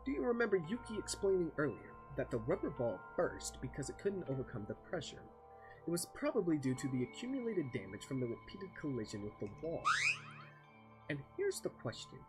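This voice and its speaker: A man voicing a calm, confident young detective who explains things step by step while reading a visual novel aloud. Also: music in the background. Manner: measured, low, explaining step by step.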